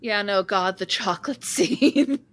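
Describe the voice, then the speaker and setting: A woman hosting a podcast in casual chat, chatty and giggly, quick to agree. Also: mid-range voice. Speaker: podcast host.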